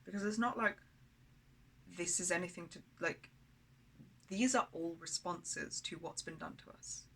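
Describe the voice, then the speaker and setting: A woman's voice: lowish voice, a little slow, fairly bright tone, a little hiss or hum, low-quality recording. A woman talking candidly in a personal video diary, blunt and rambling, with frequent swearing. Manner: rambling, with many fillers and restarts. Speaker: vlogger.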